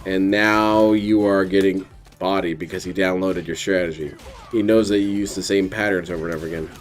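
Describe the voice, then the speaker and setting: Low-voiced man with sarcastic commentary. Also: steady tone, brisk. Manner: mocking, dry jabs. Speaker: host commenting on a replayed stream.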